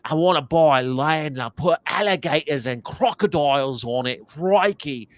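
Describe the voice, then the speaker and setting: A man putting on a brash, excitable wildlife showman, loud and exclamatory. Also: on the high side, moderate pace, no room sound, lightly acted. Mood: boisterous.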